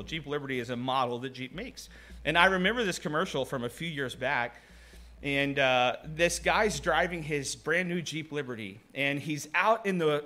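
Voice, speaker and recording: A man's voice: on the high side, bright, forceful tone. A man preaching a conversational sermon, asking rhetorical questions and acting out short quoted voices.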